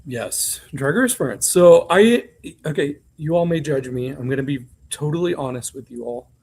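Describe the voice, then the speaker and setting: A man's voice: a little high, animated, normal speed, vocal fry, darkish tone, husky. A man co-hosting a podcast, recapping reality TV in a chatty, candid way with frequent ums and asides. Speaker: podcast co-host. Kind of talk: casual chat recapping reality TV.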